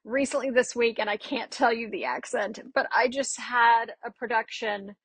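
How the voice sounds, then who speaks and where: A woman with a slightly raised pitch and a breathy, husky edge speaks as a dialect coach on a podcast. She tells lively stories and acts out quoted back-and-forths. The sound is dry and close, with almost no room around it. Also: moderate pace, no room sound. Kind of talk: casual interview chat.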